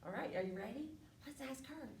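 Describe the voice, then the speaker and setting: A woman librarian leading a children's storytime, speaking gently and encouragingly to young children. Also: high voice, expressive, fairly quick. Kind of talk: children's storytime with a counting song. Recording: echoey room, mic at a distance, faint background hiss.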